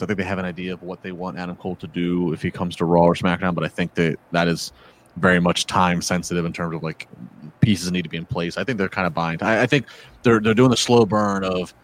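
A man with a very low voice in a casual wrestling chat. He thinks aloud, restarts his sentences often and works his way slowly to a point. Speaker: podcast co-host.

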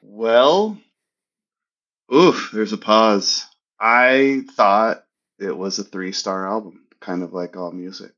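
A man's voice: lowish voice, slow pace, fairly bright tone, highs cut off. A man from the United States on a casual podcast, thinking aloud in a hesitant way. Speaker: podcast co-host.

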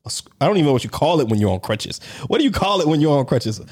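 A man co-hosting a casual podcast, telling a story with lively pitch swings and acted-out quotes. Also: racing, husky. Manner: animated storyteller, acts out quoted voices, laughs between lines. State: on crutches. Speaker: podcast co-host.

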